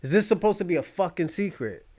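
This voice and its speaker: A man hosting a podcast, talking in loud, rambling, mocking rants full of profanity. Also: sits high, animated, quick pace. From United States. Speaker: podcast host. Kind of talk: profane casual commentary.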